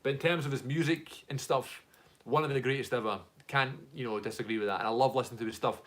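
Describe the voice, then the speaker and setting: A young music reaction streamer from Glasgow, Scotland talks fast in a medium-pitched, fairly even voice with a Glaswegian accent. He chats casually on a live stream, rambling through viewer comments with lots of fillers.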